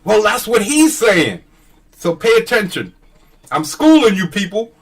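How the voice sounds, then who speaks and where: A man on his own show, talking casually and with open scorn, swearing and laughing as he goes. His pitch sits a touch high and swings widely up and down. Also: big pitch swings, a little slow, breathy edge. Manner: scoffing, profane, laughs often. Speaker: commentary channel host. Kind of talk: casual ranting commentary.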